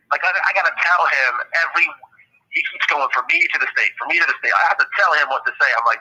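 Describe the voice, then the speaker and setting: A man on a call from jail, venting casually in a fast, profane, heated rant. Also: on the high side, pushed and bright, husky. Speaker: caller on the show from jail. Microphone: phone call. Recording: tinny phone line.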